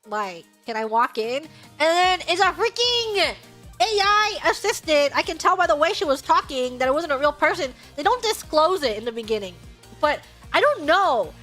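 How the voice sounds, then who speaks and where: A woman streamer telling a story in casual chat, animated and exasperated, with sudden shouted outbursts. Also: very high voice, normal speed, faint music behind.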